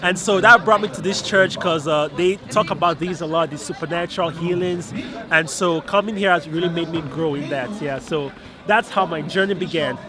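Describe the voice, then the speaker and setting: Earnest high-voiced man among a crowd. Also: normal speed. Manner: earnest, enthusiastic. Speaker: churchgoer giving testimony. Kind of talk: interview testimony. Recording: crowd noise behind.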